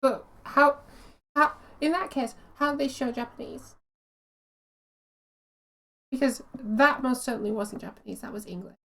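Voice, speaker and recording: High-voiced, chatty woman streamer. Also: a bit bright. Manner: chatty, amused, quick to laugh. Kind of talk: casual game commentary.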